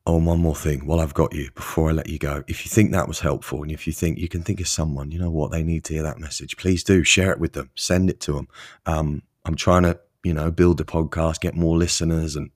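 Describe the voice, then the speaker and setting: A man's voice: extremely low pitch, fairly even intonation, brisk. A young man hosting a solo motivational podcast, rambling and self-deprecating but encouraging. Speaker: podcast host.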